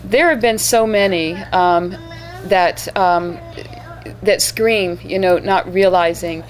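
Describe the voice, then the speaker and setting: Hesitant low-voiced woman storyteller. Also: takes it slowly, background noise. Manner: hesitant, many fillers and restarts. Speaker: living statue performer. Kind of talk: casual interview storytelling.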